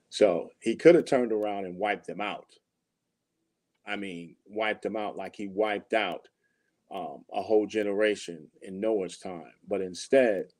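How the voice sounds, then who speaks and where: A man with a somewhat low voice takes part in a relaxed scripture discussion. He speaks in a measured, deliberate way, working through his answer step by step and pausing with ums. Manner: measured and thoughtful, with frequent ums. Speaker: podcast co-host in a scripture discussion.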